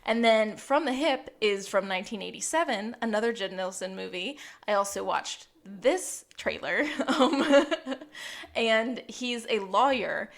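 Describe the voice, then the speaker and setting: A woman's voice: medium pitch, lively intonation, measured pace, creaky. A woman co-hosting a podcast in casual chat, talking loosely with lots of fillers and frequent laughter. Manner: chatty, laughs often, filler "like". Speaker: podcast co-host.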